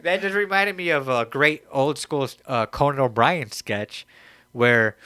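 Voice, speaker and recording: A man's voice: unhurried, pushed and bright, smooth, no room sound. Chill slangy podcast guy, mid voice, dry close mic, rambles and cracks himself up. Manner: rambling, slangy, jumps into high-pitched impressions and laughs often. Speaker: podcast co-host. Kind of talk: casual comedy podcast chat.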